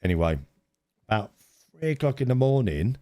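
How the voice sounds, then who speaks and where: A middle-aged man co-hosting a podcast, telling an anecdote in a casual, animated way with frequent laughs and restarts. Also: medium pitch, moderate pace, no echo, clean studio sound. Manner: animated storyteller, laughs often, many restarts. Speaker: podcast co-host. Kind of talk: casual storytelling chat.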